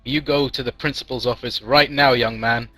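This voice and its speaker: A man's voice: mid-range voice, fairly even intonation, moderate pace, no echo, soft background music. A man voicing a strict female teacher in a spoken joke. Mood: scolding. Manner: sharp and scolding.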